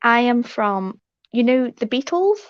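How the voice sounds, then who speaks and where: A woman's voice: fairly high pitch, sing-song, clear, resonant tone, no echo. Liverpool woman on a muffled call. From England. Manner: earnest, slowed-down, speaks up brightly. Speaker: livestream guest. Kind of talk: casual livestream chat.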